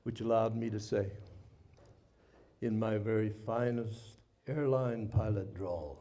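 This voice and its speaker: A man's voice: mid-range voice, very animated, normal speed, a little mellow. A man in his seventies from the United States, a former POW telling a dramatic personal story in a vivid, folksy way.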